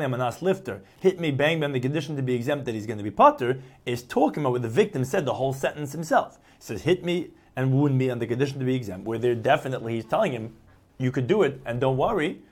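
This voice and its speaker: A man's voice: mid-range voice, darkish tone. A man giving a Talmud lesson. He translates each phrase into plain English and acts out the quoted replies by changing his tone. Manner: explains each phrase in English after reading it. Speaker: Talmud teacher. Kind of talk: Talmud lecture.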